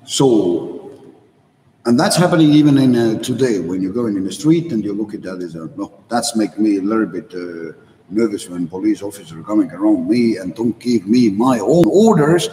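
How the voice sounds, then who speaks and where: A man giving a blunt, profane monologue in halting, broken English. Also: fairly low pitch, dark tone, a little hiss or hum. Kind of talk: opinionated monologue. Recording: echoey hall, mic far off.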